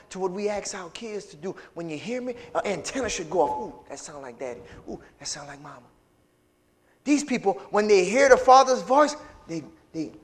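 A high-pitched male preacher, working a congregation with call-and-response. His voice rises from hushed lines to loud, ringing ones. The sound carries a long hall reverb. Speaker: pastor. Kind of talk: sermon. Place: large church sanctuary with reverb.

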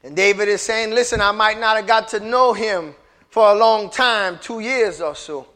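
A man preaching a sermon to a congregation, repeating phrases for emphasis and building into shouted call-and-response. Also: high-pitched, moderate pace.

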